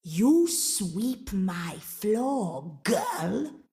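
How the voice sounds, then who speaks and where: A woman storyteller voicing a menacing, hulking old female ogress who drawls her threats slowly and growls. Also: medium pitch, very animated, mellow, heavily acted. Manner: slow, drawn-out, growling threats. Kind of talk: storybook character voice.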